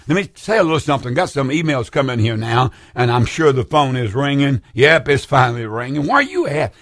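Gravelly older man preaching on air. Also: mid-range voice, no room sound, studio quality. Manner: fervent, rambling, urges listeners to call. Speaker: radio preacher hosting call-in show. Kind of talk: preaching call-in broadcast.

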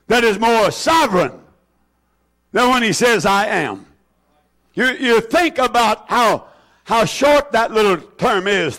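Slow, emphatic high-voiced male preacher. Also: a bit bright. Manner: slow, emphatic preaching with drawn-out scripture quotes. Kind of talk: sermon.

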